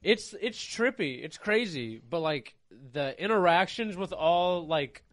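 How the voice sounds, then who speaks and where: A young man co-hosting a podcast, excited and slangy in casual chat. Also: high voice, measured pace. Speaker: podcast co-host.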